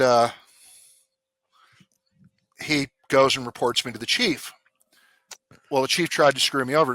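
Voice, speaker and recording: A man tells a story from his police days in a blunt, profane and animated way. His voice is bright and forceful. The sound is close and dry. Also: medium pitch, dry recording. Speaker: guest, former police officer. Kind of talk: casual storytelling.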